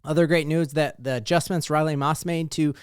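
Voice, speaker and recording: Male sports talk host, fairly high voice, smooth and clear, dry close mic, rambling and hyped. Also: brisk, no room sound. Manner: excited, rambling with many fillers. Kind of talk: casual sports commentary.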